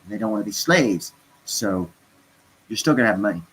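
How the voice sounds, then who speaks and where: A man's voice: on the low side, lively intonation, a little fast, fairly bright tone, breathy edge, low-quality recording. A stoned man chatting casually on a livestream, rambling and interrupting himself as he talks to his viewers. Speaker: crypto vlogger.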